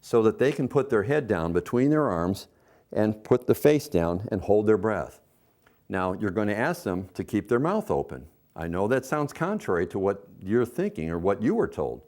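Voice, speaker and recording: A man's voice: lowish voice, a little mellow. A middle-aged man, a swim instructor, giving folksy coaching tips in an instructional video. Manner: folksy, coaching, acts out a parent's sing-song counting.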